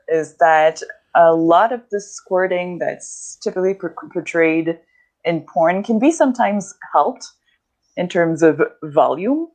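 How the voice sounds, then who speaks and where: A woman's voice: on the low side, darkish tone. A woman guest on a livestream answering sex and relationship questions, speaking hesitantly with many fillers. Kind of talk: casual livestream chat.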